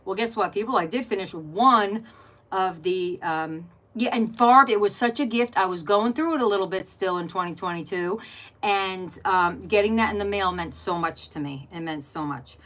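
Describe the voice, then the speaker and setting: A woman's voice: medium pitch, moderate pace, a bit bright. A middle-aged woman hosting an art journaling channel, chatting casually while flipping through her journal and greeting viewers by name.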